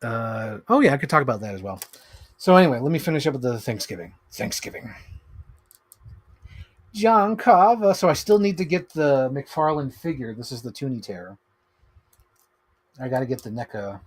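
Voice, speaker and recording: A man chatting casually on a live stream about his toy collection, excitable and rambling, swearing freely. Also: mid-range voice, brisk, slightly rough.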